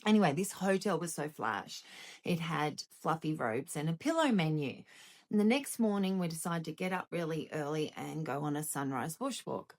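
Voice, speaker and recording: A middle-aged woman with an Australian accent telling a comic personal story, wry and animated, with sharp comic timing. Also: sits low, normal speed.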